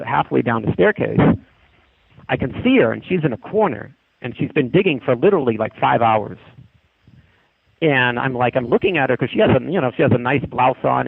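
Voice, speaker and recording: A man with a gravelly, husky voice tells a long story in a casual, rambling way, often restarting mid-sentence. His voice comes through a narrow, tinny phone line. The sound is dry, with no room around it. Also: medium pitch, dry recording. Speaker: guest telling a haunting story.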